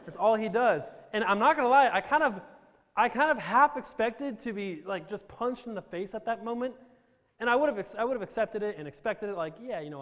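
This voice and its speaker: A man from Romania telling his life story to a live audience with self-deprecating jokes and rambling restarts. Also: high-pitched. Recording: reverberant hall.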